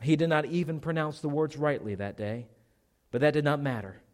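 A man's voice: fairly high pitch, animated, a little fast. A man preaching a sermon, earnestly telling a conversion story and reading a memoir aloud.

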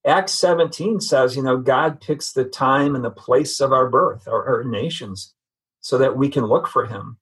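A man's voice: medium pitch, unhurried, fairly bright tone, husky, poor audio. A man giving an earnest, reflective personal testimony as a guest in a conversation. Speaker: podcast guest.

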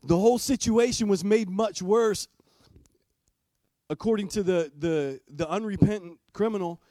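Conversational pastor, fairly high voice. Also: male voice, measured pace, dark tone, no echo. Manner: conversational, asks the congregation direct questions. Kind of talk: sermon. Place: church.

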